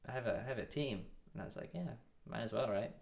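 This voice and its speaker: A man's voice: medium pitch, fast talker, vocal fry. A man in his twenties telling a long story in a casual interview, rambling and restarting often. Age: 20s. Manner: rambling, with many restarts and quoted dialogue. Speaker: guest.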